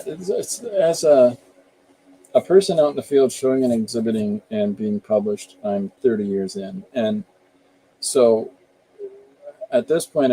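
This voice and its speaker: A man in his fifties chats casually while he draws. He talks in a rambling, easygoing way. His voice sits a little low, with a very dark, mellow tone. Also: slight background noise, rough recording. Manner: rambling and easygoing, explaining his work as he goes. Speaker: artist and show host. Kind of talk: casual chat while drawing live.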